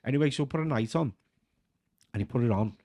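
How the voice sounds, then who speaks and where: A man's voice: medium pitch, fast, a little mellow. Chatty Scouse man telling stories. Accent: Scouse (Liverpool). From Liverpool, England. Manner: chatty, breaks into laughter, leans on filler "like". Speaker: guest comedian and actor. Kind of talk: casual anecdotal storytelling.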